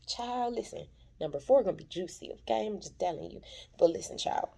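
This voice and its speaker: A woman's voice: mid-range voice, lively intonation, fairly quick, vocal fry, dark tone. A woman chattily retelling a TV episode in a dramatic recap, recording from her workplace. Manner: chatty, dramatic retelling, calls listeners "child". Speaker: TV recap vlogger.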